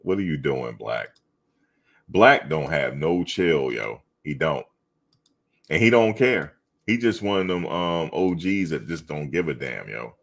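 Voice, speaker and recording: A middle-aged man with a low, deep voice hosts a loose sports talk stream. He banters with his viewers in animated slang and hammers the same point over and over. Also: measured pace. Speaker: live show host reading chat. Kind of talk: casual sports chat.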